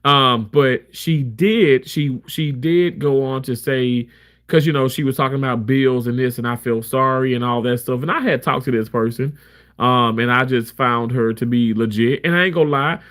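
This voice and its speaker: A man's voice: mid-range voice, normal speed, a bit bright. A man talking to camera as a live streamer, telling a story in a candid, emphatic way with many restarts. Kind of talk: casual storytelling rant.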